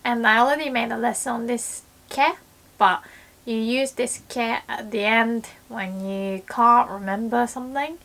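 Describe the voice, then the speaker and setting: A woman's voice: fairly high pitch, fairly even intonation, unhurried, vocal fry, a bit bright. A young woman with a Japanese accent, a native Japanese speaker, teaching a casual video lesson and acting out panicked little exclamations.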